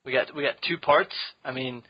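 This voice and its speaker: A man's voice: mid-range voice, moderate pace, lo-fi sound. A man hosting a casual podcast, joking and rambling with frequent restarts. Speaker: podcast host.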